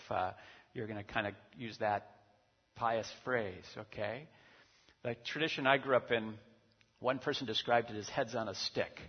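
A husky-voiced male pastor preaches in a loose, conversational way, stopping often to check in with his listeners. His voice sits at an ordinary pitch. It carries a long reverb tail from a large hall, and the recording sounds dull and muffled. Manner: conversational, chatty preaching with many asides. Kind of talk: sermon.

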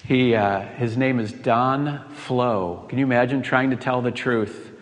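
A man's voice: mid-range voice, unhurried. A man pastor giving a sermon, telling stories with quoted voices and rhetorical questions. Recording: long reverb of a large hall.

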